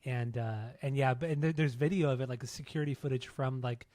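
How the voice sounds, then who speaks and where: A man's voice: mid-range voice, fast talker, darkish tone, dry recording. Laid-back man, profane, dry close mic. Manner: loose, profane storytelling with frequent laughs. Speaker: podcast co-host. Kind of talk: casual chat.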